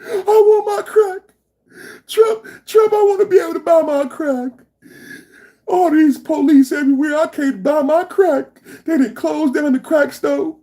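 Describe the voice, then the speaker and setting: A woman's voice: steady tone, a little slow. A woman in her fifties voicing a whiny street thug who wails and cries for crack. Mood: wailing. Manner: high wailing, crying and shouting.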